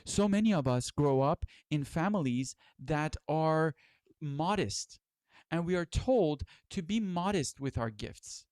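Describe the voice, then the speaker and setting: A man's voice: a little high, lively intonation, slow pace, darkish tone, dry recording, clean studio sound. A middle-aged man giving a spiritual lecture as its teacher, earnest and exhorting, with casual swearing.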